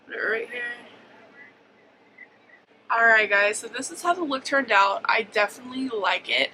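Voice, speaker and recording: A woman's voice: a little high, animated, moderate pace, pushed and bright, a little hiss or hum, poor audio. A woman in her twenties talking casually through a makeup tutorial, chatty and a little hyper, rambling with ums and likes. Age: 20s. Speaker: beauty vlogger.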